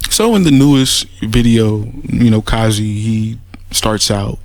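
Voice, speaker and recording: A man's voice: on the low side, measured pace, no room sound. A man giving a mocking, rambling spoken rebuttal, sarcastic and full of restarts. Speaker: commentator making a response audio.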